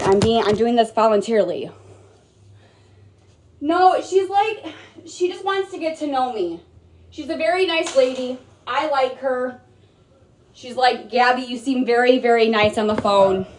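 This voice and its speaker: A woman's voice: on the high side, lively intonation, slow, long pauses, a little mellow, slight background noise. A young adult woman livestreaming from home, rambling, defensive and repetitive. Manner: rambling, repeating herself, defensive. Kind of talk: emotional livestream rant. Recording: echoey room, mic held off at a distance.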